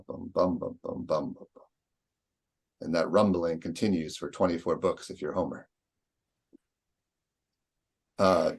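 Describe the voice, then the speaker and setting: A man's voice: fairly low pitch, darkish tone. A man lecturing patiently on poetry, sounding out rhythms aloud as he explains.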